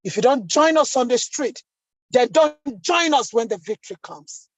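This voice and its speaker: A woman's voice: fairly high pitch, lively intonation, moderate pace, no echo, low-quality recording. A Nigerian woman giving an angry, impassioned speech at an online protest, full of rhetorical questions. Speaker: protest speaker. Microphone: video call.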